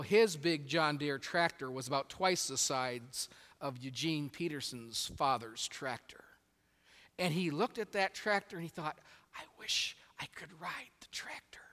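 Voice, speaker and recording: Brief: expressive preacher mid-sermon in a large hall, high voice, long reverb tail. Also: male voice. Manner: animated storytelling with shifting volume. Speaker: pastor.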